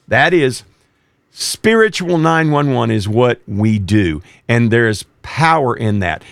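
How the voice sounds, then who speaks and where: A man's voice: mid-range voice, very animated, takes it slowly, gravelly, clean tone, no echo, studio quality. A man who used to be a police officer, preaching emphatically as a radio show host. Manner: emphatic, rising to forceful exhortation. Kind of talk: preaching talk.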